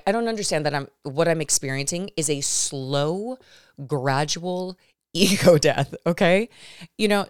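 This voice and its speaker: A woman in her thirties hosting a podcast, retelling a frightening experience in an animated, emphatic way, often turning to her listeners. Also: sits low, smooth, no room sound, studio quality. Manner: animated, emphatic retelling with many restarts, addressing listeners directly. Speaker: podcast host. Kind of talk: storytelling monologue to viewers.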